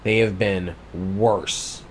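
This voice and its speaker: A man's voice: sits low, fairly even intonation, extremely slow, a little hiss or hum. A man co-hosting a podcast, telling stories in loose, casual chat with heavy swearing. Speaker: podcast co-host.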